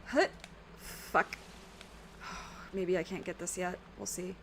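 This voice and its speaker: A woman with a rough, worn throat, chatting casually with her viewers while streaming a video game, rambling and swearing now and then. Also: on the low side, fairly even intonation, takes it slowly, noisy background.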